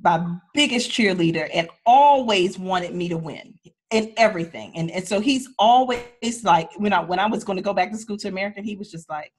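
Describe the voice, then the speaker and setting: A woman with a husky, slightly breathy voice speaks candidly as an interview guest. She tells her personal story in a heartfelt, unpolished way, often restarting sentences as she goes. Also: medium pitch, a little fast. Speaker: attorney and entrepreneur, guest. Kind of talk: emotional personal storytelling in a conversation.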